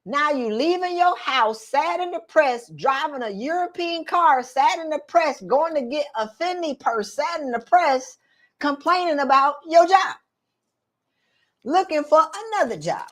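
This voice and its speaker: A middle-aged woman, coaching viewers in an animated, direct, slangy way on a live stream. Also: high-pitched, a little slow. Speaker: career coach for women.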